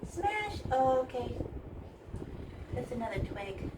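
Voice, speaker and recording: A woman with a slightly high voice leads a casual painting lesson, chatty and playful as she talks through each stroke. Noise hums steadily behind her, with vehicles passing now and then. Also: unhurried, far from the mic. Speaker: painting teacher.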